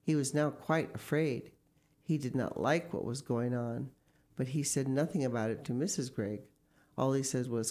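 Low-voiced woman reading a storybook aloud. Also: normal speed. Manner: expressive, with casual asides. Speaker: story reader. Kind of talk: reading a children's book aloud.

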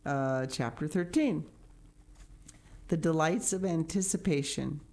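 A woman with a notably low voice reads a classic novel aloud. Her narration is calm and unhurried, a plain storybook delivery. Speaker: audiobook narrator.

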